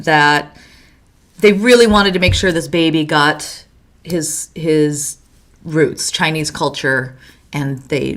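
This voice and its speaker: A woman co-hosting a relaxed chat show, winding through a story with asides. Her voice sits on the lower side for a woman. The talk is easy and conversational. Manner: rambling anecdotal storytelling. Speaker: co-host. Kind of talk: casual podcast chat.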